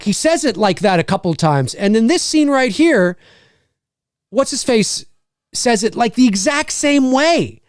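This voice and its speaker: A man hosting a live movie watch-along, reacting out loud and swearing easily. His voice sits high for a man and leaps around, and the recording is dry and close. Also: no echo. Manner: animated, swears freely, quick pitch jumps. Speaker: movie commentary host. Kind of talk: live movie commentary to chat.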